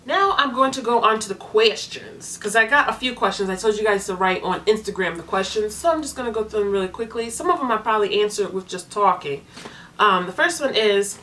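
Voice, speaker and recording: A young woman talking casually to her viewers as a foster parent vlogger, chatty and animated, acting out the people in her stories. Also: medium pitch, brisk, slight background noise. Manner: chatty, animated storytelling with voiced quotes. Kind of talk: casual vlog chat to viewers.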